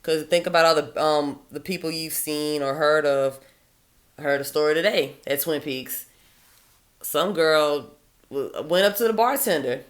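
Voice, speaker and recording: A woman's voice: low-pitched, measured pace. A woman giving dating advice in a blunt, profane, sardonic monologue. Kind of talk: casual opinionated monologue.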